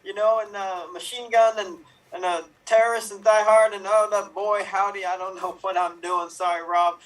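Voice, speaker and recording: A man's voice: high voice, fairly even intonation, moderate pace, fairly bright tone, distant mic, slight background noise, low-quality recording. A man doing a mock Southern US accent as a flustered, rambling hick in improv comedy.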